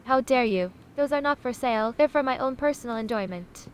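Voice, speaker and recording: A woman's text-to-speech voice, fairly high and a little fast, sounding close to an everyday voice, comes with slight background noise. She plays a haughty, self-important sausage-identifying AI chatbot, dramatic and condescending, addressing people as honey again and again.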